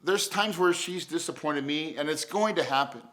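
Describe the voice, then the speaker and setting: Bright-voiced joking husband teaching. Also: male voice, a little high, normal speed. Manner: playful, joking, easygoing. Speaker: co-host of a marriage course. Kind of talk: casual teaching chat.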